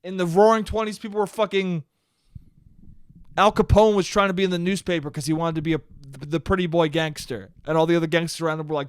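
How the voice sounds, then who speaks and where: Young man, solo podcast rant, swearing a lot, fairly high voice, dry close mic. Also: fast, smooth, no echo. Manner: profane, animated, talks to listeners as "dude". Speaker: podcast host. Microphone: studio mic he checks the levels on.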